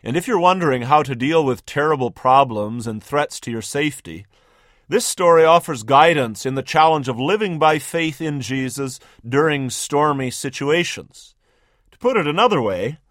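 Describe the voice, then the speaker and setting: A man's voice: fairly high pitch, lively intonation, a little slow, a bit bright, no echo, clean studio sound. A man hosting a radio sermon, narrating a story vividly in the second person with emphatic, scripted delivery. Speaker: radio preacher, host.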